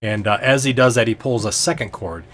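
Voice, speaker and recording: A man's voice: medium pitch, brisk, a bit bright. A man narrating as game master of a tabletop game, hesitant and full of ums and restarts.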